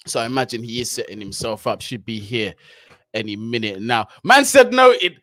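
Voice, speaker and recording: A man's voice: mid-range voice, expressive, moderate pace, fairly bright tone, dry recording. A man hosting a casual fan livestream, chatting in slang and reading out viewer comments.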